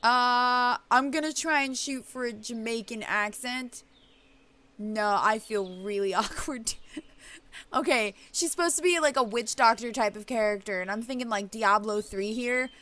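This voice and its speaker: A woman's voice: fairly high pitch, moderate pace, pushed and bright. A woman hosting a let's play, chatting casually and laughing at herself as she comments on a game.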